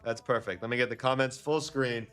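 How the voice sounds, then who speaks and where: A man's voice: mid-range voice, fairly even intonation, brisk, fairly bright tone, soft background music. A man hosting a casual trading livestream, talking upbeat and chatty to his viewers.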